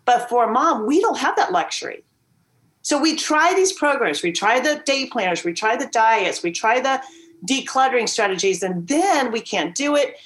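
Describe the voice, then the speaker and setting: A woman's voice: on the high side, moderate pace. Earnest woman guest, vivid storyteller, heard over a video call. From Virginia. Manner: earnest and emphatic, lively storyteller. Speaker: podcast guest. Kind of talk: candid storytelling interview.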